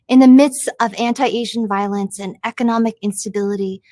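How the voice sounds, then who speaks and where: A woman's voice: fairly high pitch, dry recording. A woman executive giving a recorded, scripted message of thanks. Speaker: company executive.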